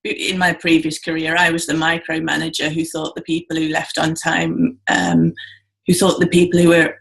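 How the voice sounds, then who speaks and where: A woman's voice: low voice, steady tone, moderate pace, vocal fry. A woman hosting an interview, talking reflectively, laughing easily and often restarting her sentences. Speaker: host. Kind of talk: conversational interview.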